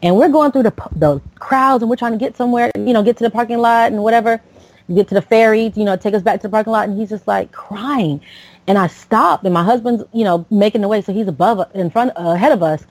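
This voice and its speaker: Speaking at a quick pace with a medium-pitched, darkish voice, this late-thirties podcast host from Florida tells a rambling personal story. She uses lots of fillers and restarts, and the audio quality is poor.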